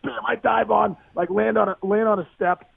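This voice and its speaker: A man in his forties telling a story as a podcast guest, excitable and animated, acting out the voices of the people in his stories. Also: sits high, normal speed, vocal fry, slightly rough, no room sound. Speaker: guest, former pro baseball player. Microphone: phone call. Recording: tinny dry phone line.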